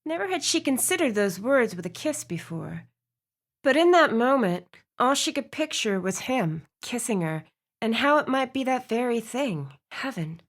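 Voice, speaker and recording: A woman reading a romance audiobook aloud, with expressive narration. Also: fairly high pitch, moderate pace. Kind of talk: scripted narration.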